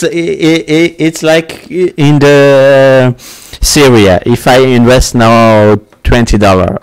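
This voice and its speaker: A young man hosting a casual let's-play, who laughs often and speaks with non-native phrasing. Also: mid-range voice. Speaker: gaming channel host.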